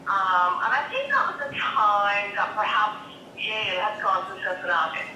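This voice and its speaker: A woman's voice: medium pitch, steady tone, moderate pace, pushed and bright, far from the mic, dull audio, a little hiss or hum. A woman in her fifties with an Irish accent, giving a chatty tribute as a dermatologist calling in, laughing between remarks. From Ireland. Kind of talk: tribute speech over speakerphone. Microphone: phone on speaker, far camera. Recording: echoey speakerphone heard from across a room.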